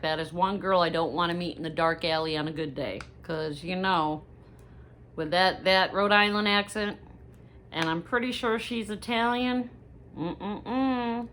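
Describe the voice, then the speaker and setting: A middle-aged woman chatting casually to viewers in a haul video, rambling and gossipy with lively asides. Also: fairly low pitch, moderate pace, a little hiss or hum. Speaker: haul vlogger.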